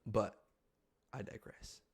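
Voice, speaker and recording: A young man hosting a podcast, telling a story in a frantic, excitable, swearing casual chat. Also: slow pace. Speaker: podcast host.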